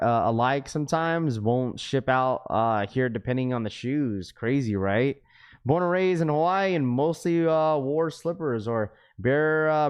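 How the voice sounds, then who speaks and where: This livestream host is a young man with a clear, resonant, mid-range voice. He rambles casually with viewers, addressing the chat as "bro."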